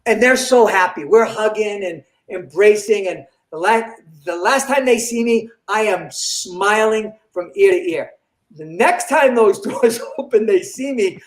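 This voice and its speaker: Older male comedian, high voice, animated storyteller acting out quotes, roomy echo. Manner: animated, acts out quoted dialogue. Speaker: comedian guest. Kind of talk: storytelling in an interview.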